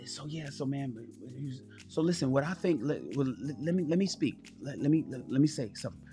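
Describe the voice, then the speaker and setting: A meek husband , as a man acts him out, whispers in a soft, halting voice and trips over his own words. He keeps his voice down so his sleeping wife stays asleep. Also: mid-range voice, faint music behind, pitched below the performer's own voice, close to an everyday voice. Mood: hushed, hesitant. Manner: stammering, keeps restarting.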